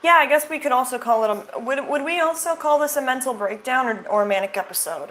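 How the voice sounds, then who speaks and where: A woman's voice: a little high, fairly quick, few pauses, a bit bright, slight background noise, poor audio. A young woman hosting casual reaction commentary, sarcastic and rambling, full of fillers and restarts. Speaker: commentary channel host.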